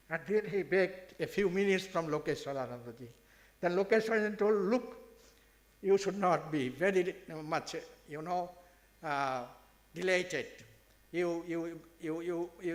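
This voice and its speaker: A man with an Indian English accent telling a story in a seminar speech, emphatic and slowing down for effect, repeating phrases. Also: fairly high pitch, fairly bright tone. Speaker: speaker at a religious seminar.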